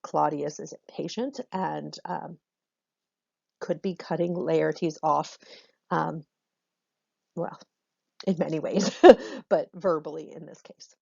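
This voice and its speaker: A woman's voice: deep voice, steady tone, slow, creaky, pauses often, a little mellow, slightly rough, dry recording, muffled recording. A woman teacher explaining a lesson patiently to students in a recorded online class, with frequent ums.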